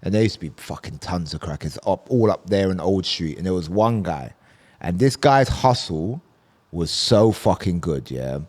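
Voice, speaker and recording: A man, a podcast co-host chatting casually and telling animated stories, swearing freely and acting out voices. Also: deep voice, moderate pace. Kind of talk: casual chat.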